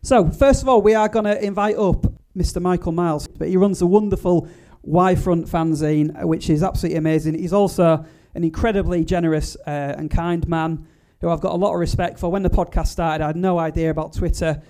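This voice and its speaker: Male podcast host, live event; fast, chatty, filler-heavy, mellow tone. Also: high voice, fairly even intonation. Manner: chatty, with frequent fillers and restarts. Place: live event before an audience.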